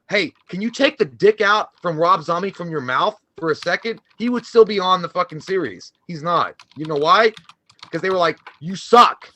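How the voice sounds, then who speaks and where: Guy ranting on a movie podcast, high bright voice, swearing a lot and tripping over his words. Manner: profane, heated ranting with frequent restarts. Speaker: co-host. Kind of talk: casual movie podcast rant.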